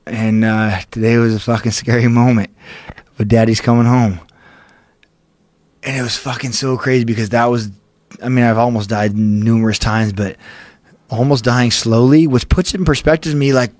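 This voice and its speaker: A man's voice: medium pitch, steady tone, moderate pace, pauses often, dry recording. Profane, intense male podcast guest. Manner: profane, breathless retelling of a panic. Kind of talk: intense storytelling.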